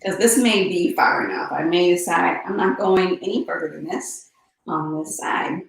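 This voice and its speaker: A woman teaching a one-on-one yoga session, cueing poses and breathing with calm, unhurried instruction and soft breathy asides. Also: fairly low pitch, distant mic. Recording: echoey room, voice a bit off-mic.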